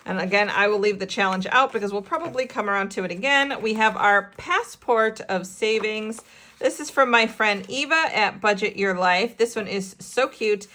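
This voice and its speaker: An excitable woman hosting a casual budgeting vlog, counting cash aloud and narrating her savings. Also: medium pitch. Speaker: budgeting channel host.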